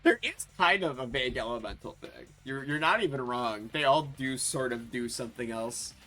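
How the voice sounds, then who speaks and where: A man hosting a livestream in casual chat, animated and profane, laughing often and restarting his sentences. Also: medium pitch, normal speed, soft background music. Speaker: streamer, host.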